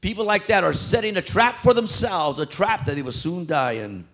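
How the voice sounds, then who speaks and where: A man preaching a sermon in a church, animated and acting out street talk. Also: sits high, moderate pace.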